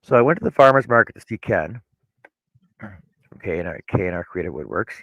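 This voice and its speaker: A man's voice: low-pitched, expressive, brisk, no room sound, narrow, tinny audio. A man co-hosting a casual chat show, telling a long story with many restarts and repeated words. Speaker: co-host.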